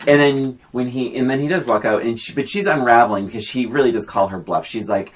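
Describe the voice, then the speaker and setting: A woman co-hosting a podcast, chatting about a film in an animated, emphatic way and laughing often. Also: a bass voice, fast, few pauses. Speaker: podcast co-host. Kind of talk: casual film chat.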